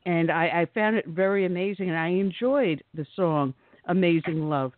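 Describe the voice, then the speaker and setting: A man's voice: high-pitched, moderate pace, no echo. A man hosting a radio talk show, chatting in a conversational way with a guest. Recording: tinny phone-like line.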